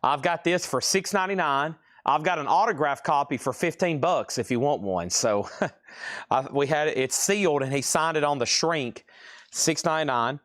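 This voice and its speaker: A man's voice: a little high, normal speed, fairly bright tone, dry recording, studio quality. A man with a Southern US accent, hosting a live record sale, drawing out his words and reading titles and prices in a chatty way. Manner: drawls out words.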